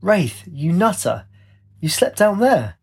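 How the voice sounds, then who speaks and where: A man with a husky voice voicing a headstrong, impatient teenage girl in an audiobook. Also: mid-range voice, moderate pace, a little mellow, natural voice. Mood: exasperated. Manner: exasperated, snappy retorts. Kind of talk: audiobook character voice.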